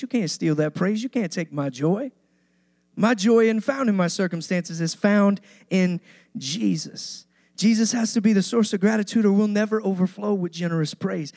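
A man's voice: sits high, darkish tone, no room sound, clean studio sound. A male pastor preaching a sermon to his church, driving points home with repetition and rising emphasis.

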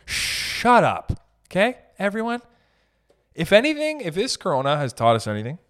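A man ranting casually as a podcast host, profane and animated, swinging between loud bursts and muttered asides. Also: mid-range voice. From raised in an Italian family. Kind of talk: casual comedic rant.

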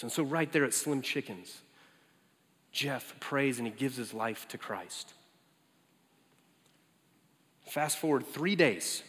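Man, preacher, sermon storytelling, animated, bright tone, echoey hall. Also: normal speed. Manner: animated, jumps up high for quoted lines. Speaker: campus minister.

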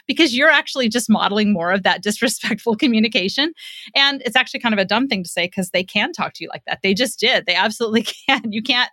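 A middle-aged woman, a psychotherapist and podcast guest, explaining in an animated way and acting out little parent-child exchanges. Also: fairly high pitch, quick pace, no echo. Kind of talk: podcast interview.

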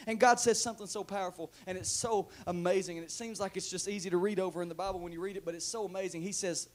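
High-voiced pastor preaching a sermon. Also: male voice, fairly even intonation, fast talker, few pauses. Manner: swings from hushed to shouting, calls the congregation to respond. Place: church before a congregation.

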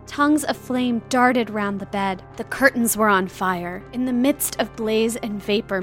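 A woman reads a first-person novel as an audiobook, her delivery measured and dramatic. Her voice sits at an ordinary pitch for a woman. Soft music plays faintly in the background. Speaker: audiobook narrator.

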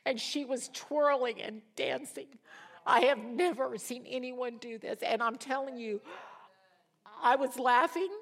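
An older woman with a slightly high voice teaches a Bible study like a sermon. She tells her stories with animation, laughs along, and acts out the voices of the people she quotes. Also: a little slow. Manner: laughs while telling stories. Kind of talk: sermon-style teaching with storytelling.

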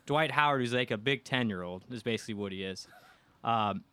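A man's voice: mid-range voice, brisk, smooth. A man from the American Midwest, a guest telling a casual anecdote on a podcast, acting out quotes from the people in it. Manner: animated, acts out quotes from the people in his story. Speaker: guest storyteller.

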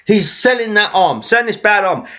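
A man, a podcast co-host, ranting in casual chat, swearing a lot and sounding animated. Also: high voice, moderate pace, highs cut off.

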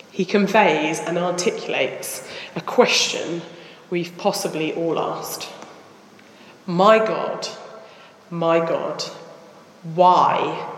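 A woman delivers a sermon at an unhurried pace, reflective and earnest in tone. Her voice carries through an echoey church hall with a long reverb tail. The recording sounds roomy rather than close. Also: lowish voice, a little hiss or hum. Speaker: preacher.

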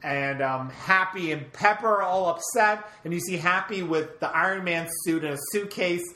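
A woman's voice: fairly low pitch, normal speed, sharp tone, roomy sound, a little hiss or hum. A woman co-hosting a podcast, casually recounting a movie's plot step by step, her sentences often trailing off. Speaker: podcast co-host. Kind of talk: casual movie recap chat.

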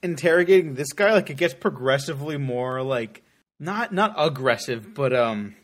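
A man's voice: medium pitch, animated, moderate pace. A man co-hosting a podcast, chatting casually with laughs and the odd curse. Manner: laid-back, laughing, swears casually. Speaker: podcast co-host. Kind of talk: casual film podcast chat.

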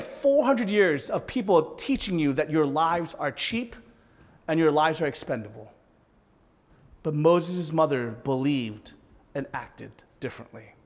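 Male pastor, sermon, high voice, animated, joking asides, echoing hall. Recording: reverberant hall.

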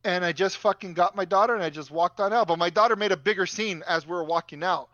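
A man's voice: high voice, quick pace, pushed and bright, no room sound, lo-fi sound. A young man telling a story in a casual, profane, ranting way.

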